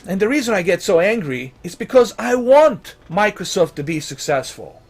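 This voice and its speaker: Animated ranting male gaming vlogger. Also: sits high, normal speed. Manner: exasperated, swearing, rhetorical questions; pleading and emphatic. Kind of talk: ranting vlog commentary.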